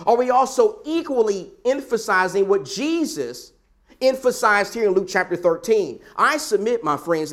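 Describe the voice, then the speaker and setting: A man's voice: high voice, fairly bright tone. A man preaching a sermon, emphatic and repetitive, building his points with rhetorical questions.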